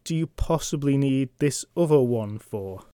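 A man's voice: mid-range voice, animated, a little slow, warm tone, clean tone, dry recording, natural voice. A man voicing a long-suffering male servant in a castle who talks in a weary, dry manner.

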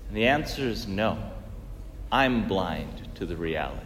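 A man's voice: a little high, expressive, moderate pace, long reverb tail. A man preaching a sermon in earnest tones, asking rhetorical questions and swinging his emphasis up and down.

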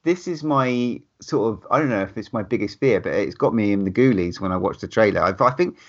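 Speaking a little fast in a lowish voice, this fortyish podcast co-host swears freely and laughs a lot as he enthuses over horror movie news in a casual chat. The recording has its highs cut off.

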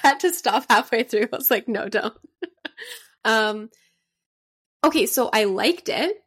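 A woman's voice: on the high side, lively intonation, unhurried, a bit bright, breathy edge. A young woman co-hosting a podcast, chatting casually with lots of fillers and giggles. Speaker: podcast co-host. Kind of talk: casual chat.

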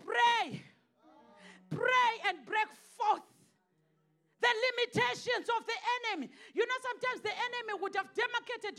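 Woman preacher, very high voice, impassioned sermon, shouts and hushed readings, faint music behind. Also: normal speed.

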